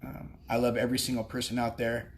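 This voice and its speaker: A man gives a heartfelt, rambling speech from a cafe during a livestream. His voice stays flat and even in pitch while he pauses often on ums and restarts his sentences. A light hum of faint background noise sits under him. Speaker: recovery cafe member sharing his story. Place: recovery cafe.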